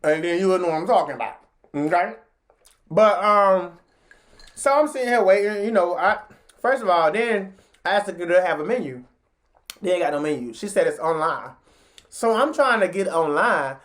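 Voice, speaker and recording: Chatty animated woman telling a story. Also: moderate pace, pauses often. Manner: animated, jumps into high pitch when acting out what people said; slangy and chatty, talks straight to viewers. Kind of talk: casual storytime monologue.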